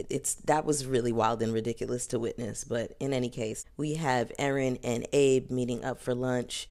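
A woman with a strikingly deep voice rants through a casual reality-show review. She is sassy and emphatic, hammering her points with repetition and quick asides. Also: a little mellow. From New York area. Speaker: reality TV commentator.

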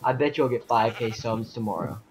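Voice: medium pitch, fairly quick, over a noisy crowd, low-quality recording. A player joking and teasing teammates in casual voice chat during a game. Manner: teasing, playfully pushy. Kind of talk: casual voice chat while gaming.

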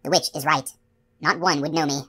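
A lonely, proud female unicorn from a storybook, as a woman narrator reads her, speaking slowly and gravely. The voice sits low and measured. Each line is quiet and serious. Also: steady tone, exaggerated voice. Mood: wistful.

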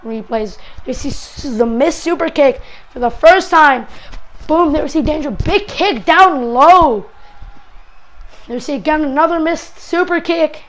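Woman, high voice, wrestling game commentary, excitable play-by-play, shouts at big moves. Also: measured pace, low-quality recording.

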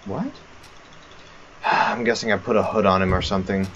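A man's voice: lowish voice, fairly even intonation, normal speed, fairly bright tone, dull audio, slight background noise. A man giving rambling, self-mocking let's play commentary on a horror game. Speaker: gamer.

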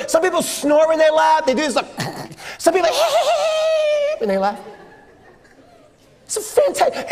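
High-voiced playful preacher in a reverberant church. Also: male voice. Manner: playful, joking, acts out sounds. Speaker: pastor. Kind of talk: sermon to a youth group. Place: church sanctuary.

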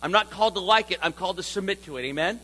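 A man preaching a sermon in a playful, animated way, acting out phrases with sudden loud bursts. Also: sits high, rapid-fire, husky, low-quality recording. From California. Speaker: pastor.

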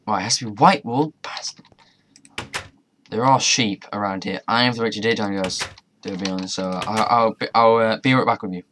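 Faint keyboard and mouse clicks accompany this young gamer's commentary on a modded game. His low, slightly bright voice moves a little fast, with a touch of hiss or hum, as he chats, mutters, and swears mildly.

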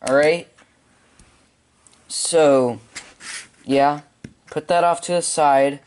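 A man giving step-by-step building instructions at home, halting with frequent ums. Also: a little high, fairly even intonation, darkish tone, a little hiss or hum. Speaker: hobby video maker.

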